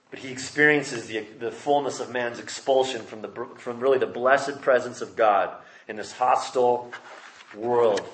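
A man's voice: mid-range voice, fairly bright tone, reverberant. A man preaching a sermon, reading scripture aloud and explaining it with emphatic rises. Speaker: pastor. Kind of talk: expository sermon.

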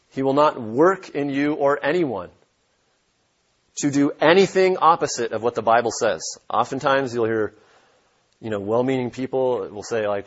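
A man's voice: mid-range voice, a bit bright, muffled recording. A man preaching a sermon as pastor, emphatic and repeating his key points for stress.

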